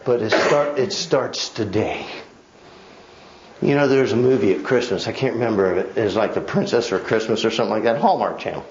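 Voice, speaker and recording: A man's voice: on the low side, expressive, a little fast, highs cut off, slight background noise. A male pastor giving a Bible study sermon, emphatic and conversational, with wry asides to his congregation. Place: church.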